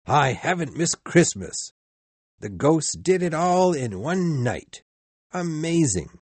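A man's voice: on the high side, very animated, takes it slowly, husky, no room sound, voice pushed up, heavily acted. A man voicing an elderly reformed miser, overjoyed and laughing as he exclaims his lines.

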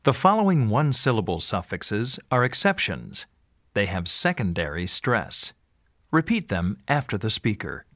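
A man giving scripted instructions in a pronunciation lesson, slow and carefully enunciated. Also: fairly low pitch, sing-song, a bit bright, no echo, studio quality.

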